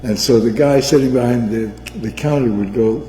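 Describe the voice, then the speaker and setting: Older guy spinning a story, mellow low voice, echoey room. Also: normal speed. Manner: animated storyteller. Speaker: guest, mother figure. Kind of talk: casual storytelling chat. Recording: echoey room with long reverb.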